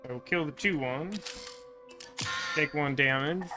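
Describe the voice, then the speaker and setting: A man's voice: a little high, takes it slowly, over music. A man streaming a card game, chatting in a wry way as he thinks aloud about his moves. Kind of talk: let's-play commentary.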